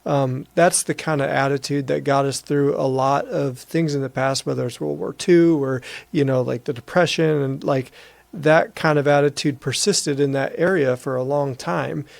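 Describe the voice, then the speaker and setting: A man's voice: on the high side, fairly even intonation, normal speed, vocal fry, no echo. A man hosting a podcast interview, talking in a loose, rambling way with many fillers. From American Midwest. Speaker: podcast host. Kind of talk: casual conversational interview.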